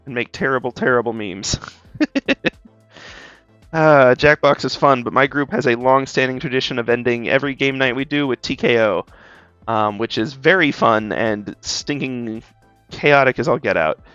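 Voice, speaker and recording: A man's voice: medium pitch, moderate pace, fairly bright tone, smooth, no echo, lo-fi sound, soft background music. A tired but bubbly man chatting casually while he draws on stream, rambling with lots of ums and little laughs. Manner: rambling, upbeat, chuckles, many ums. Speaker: art streamer.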